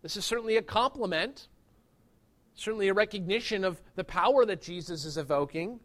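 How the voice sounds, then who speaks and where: A man's voice: high-pitched, a little fast, fairly bright tone. A man preaching a sermon as pastor, earnest and emphatic, pressing his points with rising stresses.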